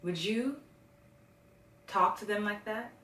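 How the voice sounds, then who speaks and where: A woman working as a success coach, giving a lively motivational talk and acting out the voices she quotes. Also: medium pitch, takes it slowly, reverberant, recorded from a distance.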